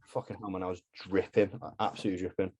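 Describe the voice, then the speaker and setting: A bodybuilder and posing coach in casual podcast chat, blunt and sweary. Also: male voice, low-pitched, level tone, fast, mellow, muffled recording.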